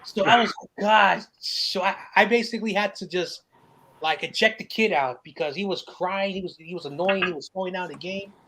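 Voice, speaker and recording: High-voiced man telling stories. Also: moderate pace, a little hiss or hum, poor audio. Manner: animated, laughing, profane. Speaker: podcast host. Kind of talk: casual chat, storytelling.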